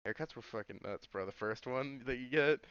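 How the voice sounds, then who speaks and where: A man's voice: mid-range voice, fairly quick, a bit bright, clean tone. A man chatting casually on a podcast, laid-back, throwing in short agreements and slang. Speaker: podcast co-host. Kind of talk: casual chat. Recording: dull, muffled lo-fi mic.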